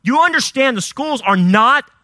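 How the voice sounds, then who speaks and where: Fiery high-voiced male preacher. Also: animated, normal speed, pushed and bright, dry recording, studio quality. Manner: fiery rhetorical questions, rising and dropping emphasis. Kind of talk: sermon.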